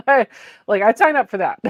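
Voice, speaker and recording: While sewing during a relaxed quilting livestream, a woman reads out comments from viewers and responds, laughing frequently. She has a fairly high voice, and the recording is dry and lo-fi.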